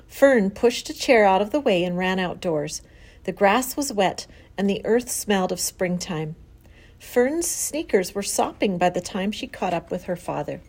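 A woman narrating a children's storybook aloud in an expressive reading style. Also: mid-range voice, measured pace, slightly rough.

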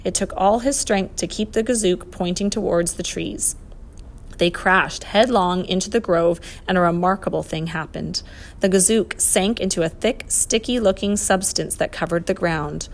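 A woman reading a children's adventure story aloud, expressive and lively. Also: lowish voice, moderate pace. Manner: expressive, voices the characters. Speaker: narrator.

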